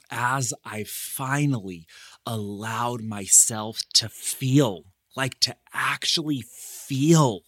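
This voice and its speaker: A man's voice: mid-range voice, a bit bright, no echo, studio quality. A man hosting a casual solo podcast from a living room armchair, talking candidly and reflectively with playful slang. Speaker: podcast host. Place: living room, in a comfy chair.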